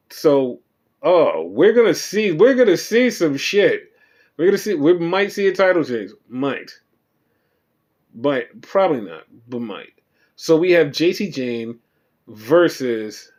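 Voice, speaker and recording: A man hosting a podcast, recapping wrestling shows in a rambling, profane and animated way. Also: fairly high pitch. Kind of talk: casual chat.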